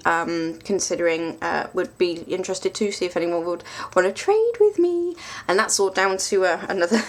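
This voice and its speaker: Woman, tarot reviewer, lowish voice, chatty and rambling, full of ums. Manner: chatty and rambling, self-mocking, many ums. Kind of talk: casual vlog review.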